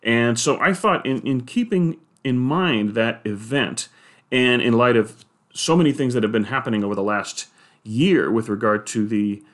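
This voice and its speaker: Guy talking through faith vs science, steady and explaining, little uhs here and there. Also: medium pitch. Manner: measured, explanatory, with occasional filler "uh". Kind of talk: reflective monologue on faith and science.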